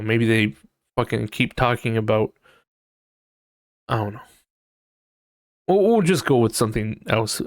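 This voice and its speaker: A man's voice: medium pitch, dry recording, clean studio sound. A man hosting a casual solo podcast. He thinks aloud while reading, swears freely, and acts out quoted people in exaggerated voices. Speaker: podcast host.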